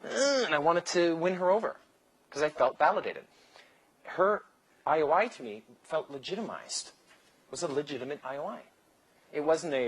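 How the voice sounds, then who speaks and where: Husky-voiced man teaching a seminar. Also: fairly high pitch, lively intonation, normal speed, fairly bright tone, rough recording. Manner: loose, joking, acts out dialogue, swears casually. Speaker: seminar instructor. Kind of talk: live lecture with anecdotes.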